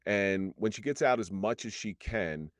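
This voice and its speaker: A middle-aged man with a very deep voice speaks about his past in an interview, earnest and halting, often restarting mid-sentence. The sound is dry and close, with no room around him. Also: expressive, no room sound. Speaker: former police officer, podcast guest. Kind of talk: candid interview storytelling.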